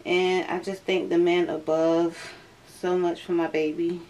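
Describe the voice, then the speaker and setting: A young woman vlogger chats casually to her viewers at home, slightly out of breath and repeatedly calling them "y'all." Her voice is fairly low and a little mellow, with a level tone and a measured pace. A faint hiss or hum runs underneath.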